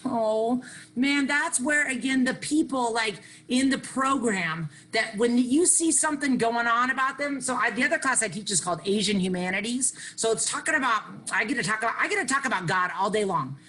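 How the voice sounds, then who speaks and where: A middle-aged woman, giving an energetic, self-mocking recovery share that she keeps punctuating with "hey" and "okay.". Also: on the high side, poor audio. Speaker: workshop speaker sharing on recovery.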